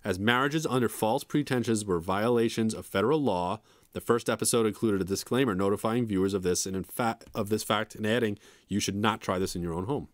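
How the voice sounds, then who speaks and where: A man's voice: lowish voice, brisk, no room sound, studio quality. A man co-hosting a casual chat show, laid-back, often reading notes aloud. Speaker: podcast co-host.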